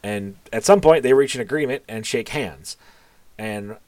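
A man narrates a tabletop game as game master, his voice mid-pitched and close. He talks with halting fillers and restarts. The sound is dry, with no room around it. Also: a little mellow, no echo. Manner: hesitant, filler-heavy narration with sudden voiced lines.

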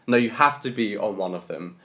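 A man's voice: on the low side, expressive, fairly quick, fairly bright tone, slight background noise. A young man, co-hosting a casual podcast chat, laughing easily and steering the talk with questions. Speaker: podcast co-host.

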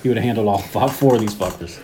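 A man's voice: fairly low pitch, very fast, crowd noise. A man co-hosting a movie podcast, picking apart scenes with blunt, wry remarks in casual chat. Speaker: podcast co-host.

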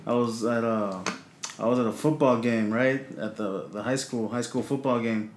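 A man co-hosting a casual podcast, telling stories from his youth in a relaxed, profane way with laughs. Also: medium pitch, moderate pace, slight background noise. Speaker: podcast co-host. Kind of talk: casual podcast chat, storytelling. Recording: roomy echo.

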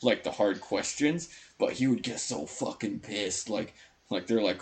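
A man co-hosting a podcast in loose, profane casual chat, full of "like" and quick impressions of people. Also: fairly low pitch. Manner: loose and profane, lots of likes, mimics people. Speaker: podcast co-host.

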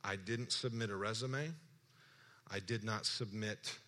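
Bright-voiced man telling his testimony. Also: on the low side, measured pace. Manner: animated storytelling, acts out dialogue, laughs often; earnest and emphatic. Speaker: speaker sharing a personal testimony. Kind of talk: sermon-style personal testimony.

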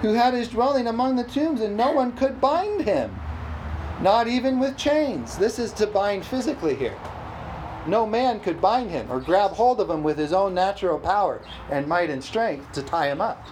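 A preacher delivers an emphatic sermon, repeating phrases for emphasis and calling out "amen?" to the congregation for responses. The voice is mid-range, animated and a little mellow at a moderate pace, with slight hiss or hum.

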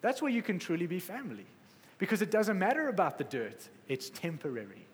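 A man preaching a sermon with passion, swinging between loud exclamations and quiet, soft stretches. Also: high voice, big pitch swings, brisk, in a large hall. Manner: passionate, rising to exclamations then dropping soft.

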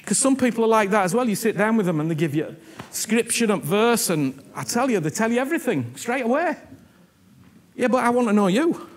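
Male preacher, husky voice that swings wildly up and down, earnest and repetitive. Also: high-pitched, brisk, hardly any pauses. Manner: animated, earnest, repeats himself, keeps asking "you understand me?". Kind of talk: sermon.

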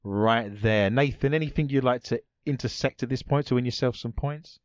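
A man's voice: mid-range voice, fairly quick, no echo, dull audio. A man hosting a comedy podcast quiz, playful and teasing, full of puns. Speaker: quiz host.

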